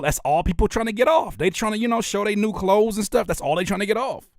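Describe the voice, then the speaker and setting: A man's voice: high voice, no room sound, studio quality. A man hosting a casual livestream chat, playful and joking, mimicking sounds as he talks. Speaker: host.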